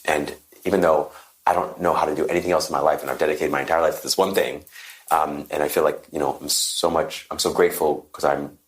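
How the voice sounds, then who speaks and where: A man talking as a guest coach on a podcast, lively and quick with short agreeing interjections. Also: extremely low pitch. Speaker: guest, happiness and positive psychology coach.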